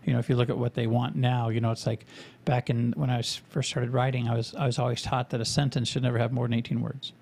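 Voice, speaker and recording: Man, podcast co-host, gravelly, rambling and profane, casual chat. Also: medium pitch, flat delivery, fast talker, hardly any pauses, darkish tone.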